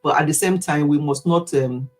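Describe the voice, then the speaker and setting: Husky-voiced Nigerian woman, chatty. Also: moderate pace. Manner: chatty, animated, laughs easily, wide swings in pitch. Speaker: vlogger. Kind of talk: casual monologue to camera.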